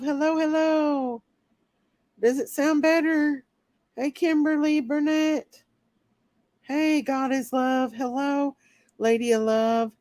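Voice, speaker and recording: Speaking slowly and pausing often, a recovering, sick woman hosts a casual livestream and greets viewers by name one by one. Her voice sits high, steady and slightly mellow, with no echo.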